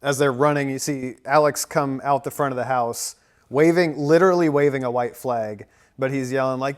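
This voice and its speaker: A man in his thirties talks through a film recap in a loose, rambling way. He is full of fillers and likes and keeps a middle pitch for a man. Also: moderate pace. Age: 30s. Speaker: podcast co-host. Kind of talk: casual movie recap chat.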